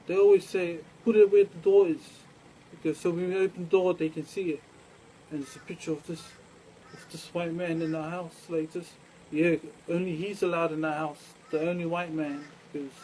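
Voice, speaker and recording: A man's voice: a little high, darkish tone, a little hiss or hum, rough recording. A man telling a rambling, profane story, acting out exchanges and saying "man" often. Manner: repeats "man" as filler.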